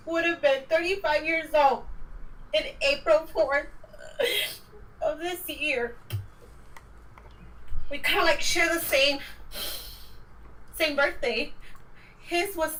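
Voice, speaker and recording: Woman guest talking real slow and halting, high voice, far off the mic. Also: steady tone, a bit bright. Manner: halting, slow, tearful pauses. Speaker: livestream guest. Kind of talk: emotional personal account. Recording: distant from the mic.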